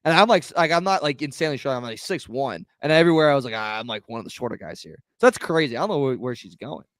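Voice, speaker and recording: A man co-hosting a sports podcast, chatting casually and quickly, with lots of filler "like". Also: mid-range voice, animated, fairly bright tone, no room sound, clean studio sound. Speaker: podcast co-host. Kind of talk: casual chat.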